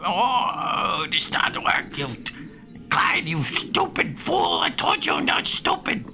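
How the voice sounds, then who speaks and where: A man voicing an angry, dim-witted male kobold who yells in broken speech. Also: sits high, huge pitch swings, slow, vocal fry, pitched above the performer's own voice, heavily acted. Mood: scolding. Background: background music.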